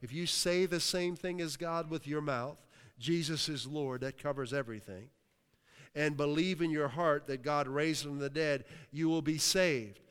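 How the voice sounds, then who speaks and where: Through a long hall reverb comes a pastor from Western Pennsylvania, his voice a little high, smooth, and a bit bright at a moderate pace. He exclaims hallelujah throughout the sermon and keeps checking in with the congregation.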